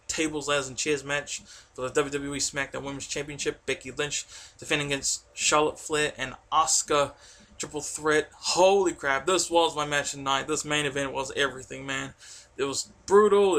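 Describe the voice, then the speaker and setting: A man giving an excitable, rambling spoken review, full of fillers and restarts. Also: a little high. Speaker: wrestling reviewer.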